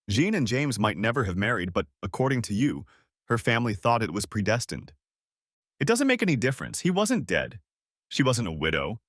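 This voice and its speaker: A man's voice: mid-range voice, fairly bright tone, no echo, studio quality. A man narrating a first-person audiobook story in a brooding, emotional way.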